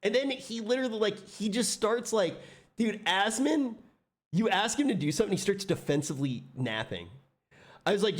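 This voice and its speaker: A man's voice: sits high, brisk. A man streaming in casual chat, reacting to a video and telling stories with lots of laughter and swearing. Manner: animated storytelling, laughs often, swears.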